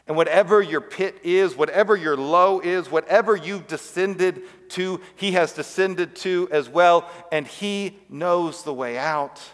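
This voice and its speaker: A male pastor delivers a sermon in a slightly high voice, shaping it as a story. He lets his voice fall to a soft hush on the words that matter most. His voice trails off into a long reverb that fills the church sanctuary.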